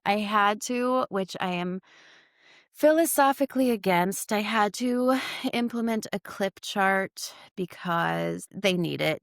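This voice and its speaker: Gravelly-voiced woman telling classroom stories. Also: on the low side, no echo, studio quality. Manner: animated storytelling, acts out quotes. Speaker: kindergarten teacher, podcast co-host. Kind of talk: casual chat.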